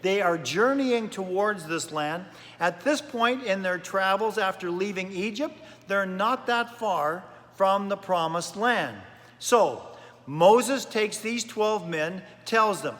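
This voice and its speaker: A man's voice: high voice, lively intonation, slow pace, a bit bright, big-room sound. A man pastor preaching a sermon in a chatty storytelling way, often repeating words as he goes. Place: church.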